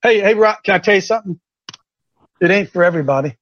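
A man from Ohio hosting a casual broadcast, folksy and excitable, repeating himself as he makes announcements. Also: high-pitched, fast. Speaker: host. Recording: dull lo-fi sound.

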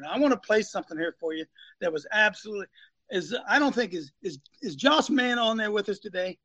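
A man's voice: high-pitched, expressive, brisk, pushed and bright. A man preaching emphatically as host of a live talk show, repeating his points and calling on co-hosts by name. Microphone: phone.

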